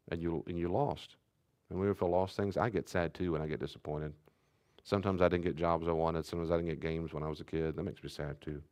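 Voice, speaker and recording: Low-voiced man preaching conversationally. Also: fast, no echo, clean studio sound. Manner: conversational, plays out parent-child dialogues, shouts for emphasis. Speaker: pastor. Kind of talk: sermon.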